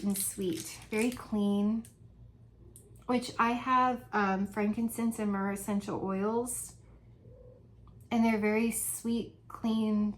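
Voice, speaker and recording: A woman's voice: medium pitch, fairly bright tone, slight background noise, poor audio. A woman vlogging from home in a casual, chatty, rambling way, laughing often as she talks. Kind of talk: casual chat.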